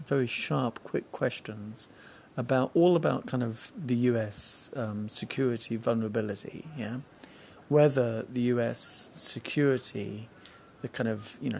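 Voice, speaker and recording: A man's voice: medium pitch, gravelly, darkish tone, a little hiss or hum. A man hosting a solo podcast outdoors on a balcony, chatting casually and wandering off on tangents. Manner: rambling, jumps between tangents. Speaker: podcast host.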